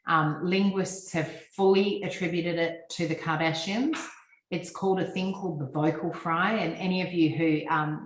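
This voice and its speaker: An Australian woman presents to a business audience over a video call. Her voice sits low, and it carries a roomy echo. She talks fluently and instructively, with frequent ums. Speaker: guest speaker on personal branding.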